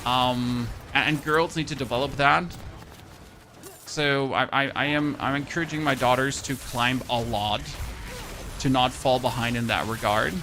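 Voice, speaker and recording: A man's voice: mid-range voice, fairly even intonation, unhurried, pushed and bright, a little hiss or hum. A man in his thirties with a German accent, chatting casually and joking with his chat while streaming a game. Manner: chatty, jokey, answers chat. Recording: music playing behind.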